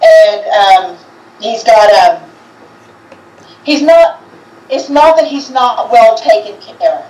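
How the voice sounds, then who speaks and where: A woman with a somewhat high voice talks in a halting, hesitant way, often restarting her sentences. She sounds set back from the mic, and the room around her rings with echo. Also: animated, a little mellow, recorded from a distance. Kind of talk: casual chat on a livestream. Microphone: video call.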